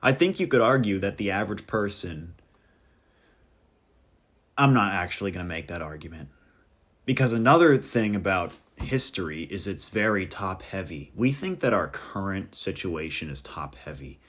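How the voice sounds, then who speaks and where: A man hosting a casual podcast monologue, with a somewhat low voice. He rambles from one joke to the next, wandering off on tangents. He pokes fun at himself as he goes. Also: expressive, normal speed, fairly bright tone. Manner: rambling, jokey tangents, self-deprecating. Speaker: podcast host.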